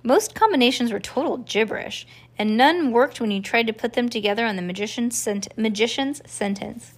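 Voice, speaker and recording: A woman reading a children's storybook aloud to a child, with a calm storytelling cadence. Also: fairly high pitch, moderate pace. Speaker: reader to a child.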